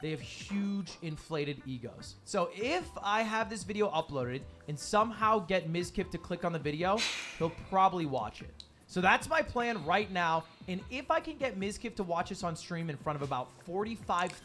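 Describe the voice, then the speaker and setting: A man narrating his own vlog with confident, energetic delivery, heard as a clip played on a livestream. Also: high-pitched, normal speed. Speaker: YouTuber explaining his channel challenge.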